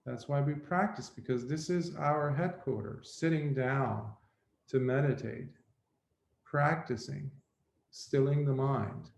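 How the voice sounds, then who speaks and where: A Buddhist monk giving a reflective dharma talk, telling a story slowly with pauses. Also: male voice, medium pitch, gravelly. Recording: roomy echo.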